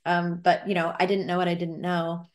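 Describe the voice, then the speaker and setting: A woman's voice: fairly low pitch, flat delivery, moderate pace. Earnest middle-aged woman giving parenting advice. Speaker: panelist at a faith-based women's summit. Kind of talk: conversational panel discussion.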